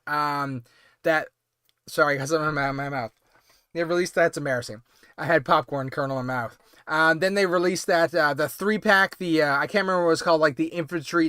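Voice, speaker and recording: A man with a high, slightly bright voice and a clean tone hosts a late-night toy-collecting livestream from home. He chats casually and rambles, hedging constantly with ums and I means. The studio-clean audio has no echo.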